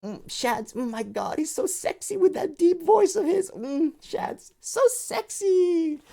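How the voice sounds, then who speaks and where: Man putting on a high, mocking fanboy voice; breathy, gushing, over the top. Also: lively intonation, slow pace, warm tone, full character voice. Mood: mocking swoon. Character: swooning teenage boy fan, giddy and breathy.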